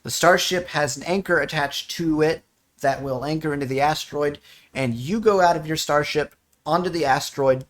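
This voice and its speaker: A man's voice: on the high side, normal speed, a bit bright. Rambling man explaining a game. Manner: rambling, self-correcting, playful. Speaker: player giving a game overview. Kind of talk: casual explanatory chat.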